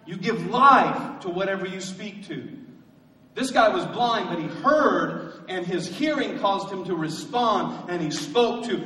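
A high-pitched man preaches to his congregation, pushing his lines hard and calling out to the room for answers. His voice rings through a large church hall with a long tail of reverb. It sounds a little distant from the mic. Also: animated, measured pace, bright, forceful tone. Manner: rising to emphatic call-and-response preaching. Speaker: pastor. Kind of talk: sermon. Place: church sanctuary.

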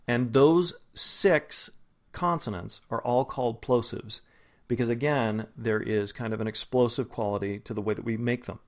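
A man coaching pronunciation in a spoken phonetics lesson, patient and explanatory, slowing down to model each sound. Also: mid-range voice. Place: Los Angeles area.

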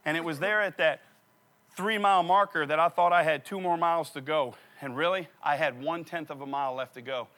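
A middle-aged man preaching a sermon, telling stories with animated repetition of key phrases. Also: a little high, a little fast. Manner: animated storytelling, repeats phrases for emphasis. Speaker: pastor.

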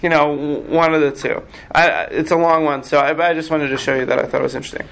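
A man, a rabbi, teaching a text class in a chatty, animated way with asides. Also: on the high side, fast, gravelly, rough recording.

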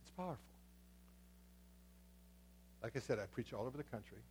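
A man's voice: mid-range voice, rapid-fire, darkish tone, a little hiss or hum. A middle-aged man preaching a sermon as pastor in a church, talking in a conversational way with many asides and repeated words. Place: church sanctuary.

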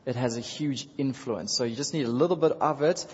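Slightly rough and a little mellow, this man's mid-range voice moves a bit fast as he, a pastor, preaches conversationally to his congregation, chuckling, repeating phrases, and speaking directly to listeners. The sanctuary recording is dull, with a long hall reverb.

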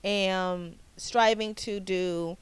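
A young woman from the United States talks straight to her listeners in a loose, animated solo podcast, often restarting her sentences. Her voice is smooth and clear at a middle pitch. The sound is close and dry, with no room around it. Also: drawn-out words, dry recording. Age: 20s. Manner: chatty, animated, repeats herself and restarts often. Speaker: podcast host. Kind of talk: casual solo podcast chat.

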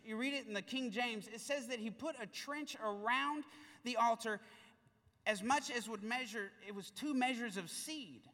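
In a vast church hall, a male pastor's high voice rings out as he delivers a sermon to the congregation. His storytelling is animated and playful, and the bright sound is followed by a long, lingering echo.

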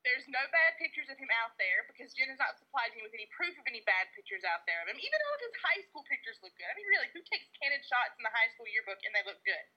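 A woman on a fan panel, chatting casually with an animated, teasing manner. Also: fairly high pitch, rapid-fire, few pauses, muffled recording. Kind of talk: casual chat.

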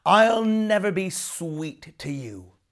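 Storyteller putting on a sulky young woman, storybook character, contrary, sniffing, slow and loud. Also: medium pitch, expressive, voice pushed up.

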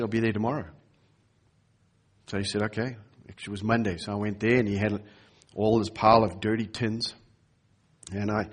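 A pastor tells a personal story during his sermon, acting out the voices of the people in it. His voice is on the low side and slightly rough.

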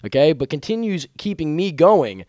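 A man's voice: fairly high pitch, very animated, moderate pace, a little mellow, dry recording, clean studio sound. A man co-hosting a casual comedy podcast, telling a self-mocking, profane story in a rambling way. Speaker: podcast co-host.

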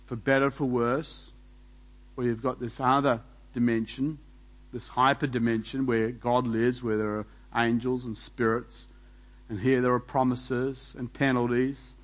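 A man preaching a sermon as pastor, animated and full of rhetorical questions, laughing between points. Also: medium pitch, rough recording.

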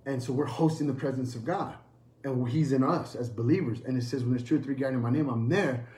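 A man preaching a sermon as a pastor, emphatic and repetitive, moving between loud calls and quieter storytelling. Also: mid-range voice, fast talker, echoey room.

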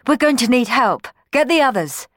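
A woman's voice: a little high, animated, normal speed, no room sound, studio quality, voice pushed up, lightly acted. A woman voicing a plucky young girl who takes charge with urgent commands in a storybook. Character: brave, bossy young girl.

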